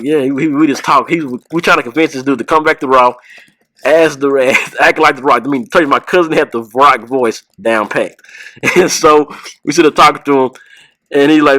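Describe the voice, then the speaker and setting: A man hosting a podcast, telling a rambling story with laughs and quick voice impressions. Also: medium pitch, a bit bright, no room sound, low-quality recording. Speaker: podcast host.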